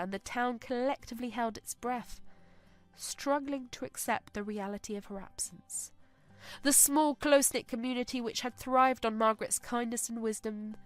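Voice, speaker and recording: A woman's voice: on the high side, fairly bright tone, no room sound. Solemn woman narrating a story. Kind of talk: scripted narration.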